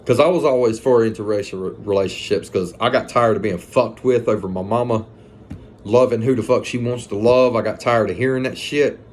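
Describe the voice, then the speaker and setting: A man's voice: fairly low pitch, a little fast, slight background noise. A man telling a personal story in a casual, conversational way, swearing freely and retelling the events with animation.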